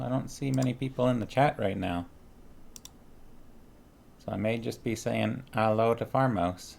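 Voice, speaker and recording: A man's voice: medium pitch, a little slow, vocal fry, long pauses, darkish tone. A man chatting casually on a live stream, greeting viewers one by one and talking playfully to his dog at home.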